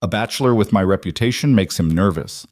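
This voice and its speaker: A controlled mafia boss speaks in a calm, matter-of-fact voice that sits low, played by a male narrator. He stays conversational and almost gentle. The sound is close and dry. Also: a little fast, dry recording, natural voice. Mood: cold.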